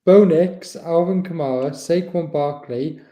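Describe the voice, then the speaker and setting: A man from the UK hosting a podcast in casual chat, running through names briskly. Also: a little high, mellow, echoey room. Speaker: podcast host.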